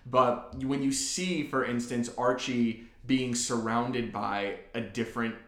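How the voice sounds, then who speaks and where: A man's voice: mid-range voice, steady tone, slow, fairly bright tone. Analytical, profane man in an echoey room. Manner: analytical, profane, laughs along. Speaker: podcast co-host. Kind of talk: casual chat about a TV show. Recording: roomy echo.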